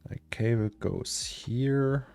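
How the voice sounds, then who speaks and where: A man's voice: medium pitch, slow, gravelly, darkish tone, clear, resonant tone. A young man, casually chatting to viewers and musing aloud to himself as he streams his 3D work from a home office. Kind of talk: casual live-stream chat while working. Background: faint lo-fi music.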